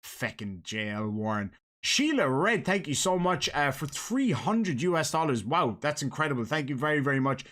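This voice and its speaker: A man's voice: a little high, very animated, moderate pace, a bit bright. A man with an Irish accent hosting a casual live stream, chatting and joking with his guest and viewers.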